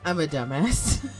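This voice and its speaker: A woman's voice: sits low, darkish tone. A young woman streaming a game, joking and self-mocking in casual commentary, swearing freely.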